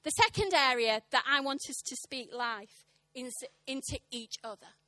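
Thirties female preacher, animated and impassioned, with a crisp bright edge to her voice. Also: high-pitched, moderate pace, dry recording. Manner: animated, impassioned, punchy comic timing. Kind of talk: sermon with humorous storytelling. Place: church service.

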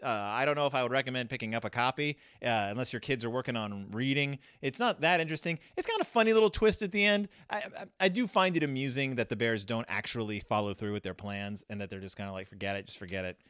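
A man's voice: fast talker, few pauses, clean tone, dry recording, clean studio sound. A man casually hosting a podcast, reviewing a children's book in a rambling, sarcastic monologue. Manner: rambling, sarcastic, animated swings in pitch and loudness.

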